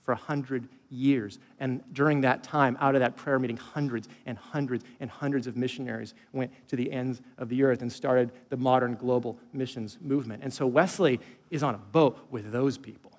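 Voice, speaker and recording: A man preaching a sermon, emphatic, swinging from loud declarations to hushed storytelling. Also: medium pitch, fairly even intonation, normal speed, hardly any pauses, long reverb tail. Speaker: pastor.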